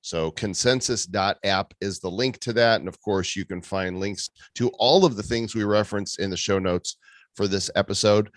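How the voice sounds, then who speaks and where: A man's voice: on the low side, normal speed, no room sound, studio quality. A man hosting a casual podcast, upbeat, reading listener reviews aloud. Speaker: podcast host.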